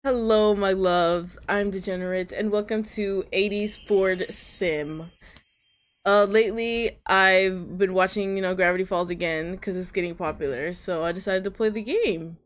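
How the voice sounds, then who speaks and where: A woman's voice: medium pitch, fairly even intonation, moderate pace, slight background noise. Playful young woman reading game text. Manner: playful, teasing, narrates with mock drama. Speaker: gaming video host. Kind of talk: reading game text aloud, casual commentary.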